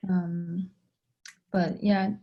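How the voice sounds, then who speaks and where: A woman's voice: on the low side, level tone, drawn-out words. A woman moderating a video call who speaks hesitantly, with many ums. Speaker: group moderator. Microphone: video call microphone. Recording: dull lo-fi call audio.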